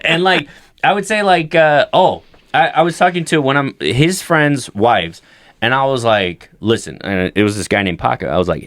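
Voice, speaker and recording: A man's voice: medium pitch, animated, normal speed, fairly bright tone, no room sound, clean studio sound. A man in his thirties telling crude, joking stories with plenty of swearing as a comedy podcast co-host. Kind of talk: casual comedy podcast banter.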